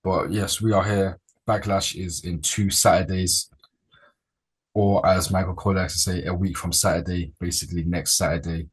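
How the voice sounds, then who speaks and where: A man hosting a casual wrestling chat, relaxed and rambling, with slangy sounding talk. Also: deep voice, moderate pace, husky. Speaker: podcast host.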